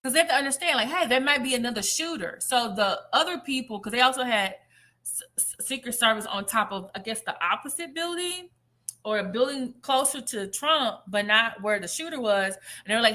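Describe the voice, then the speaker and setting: A woman's voice: fairly high pitch, expressive, brisk, pushed and bright. A woman giving a casual, chatty commentary monologue, telling a story animatedly and acting out quotes.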